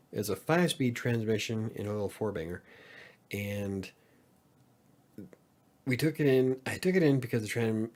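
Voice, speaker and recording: Rambling, cursing podcast host. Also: male voice, lowish voice, darkish tone. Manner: rambling, swears freely, chuckles often. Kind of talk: casual livestream chat.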